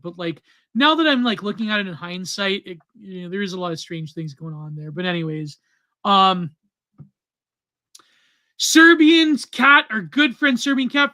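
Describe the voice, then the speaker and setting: High, bright-voiced rambling male co-host. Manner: rambling, filler-heavy, trails off. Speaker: podcast co-host. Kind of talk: casual chat.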